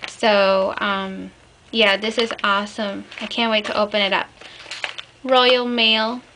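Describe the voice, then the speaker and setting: A woman's voice: medium pitch, little pitch movement, takes it slowly, bright, forceful tone. A woman chatting casually to her viewers as she opens a package, gushing and enthusiastic with frequent fillers. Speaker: crafting vlogger. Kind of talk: casual unboxing chat. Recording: clear background noise.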